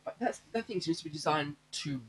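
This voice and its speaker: Fast-talking husky-voiced man. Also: a little high, animated. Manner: talkative, wry, retells scenes in detail. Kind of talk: casual film recap chat.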